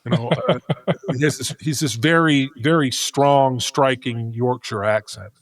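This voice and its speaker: A middle-aged man speaking as a podcast guest. He tells a story in a casual, animated way and restarts his sentences as he thinks aloud. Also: medium pitch, a little slow, no echo.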